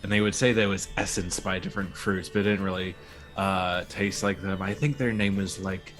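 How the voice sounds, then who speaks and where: A man's voice: sits low, fairly even intonation, moderate pace, a bit bright, soft background music. A man talking as a player in a tabletop game, hesitant and full of fillers. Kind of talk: in-character tabletop talk.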